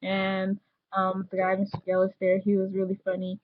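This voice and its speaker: A woman's voice: medium pitch, completely flat delivery, moderate pace, narrow, tinny audio. Bubbly rambling young woman vlogger. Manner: bubbly, rambling, acts out quoted people. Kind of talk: casual storytelling vlog.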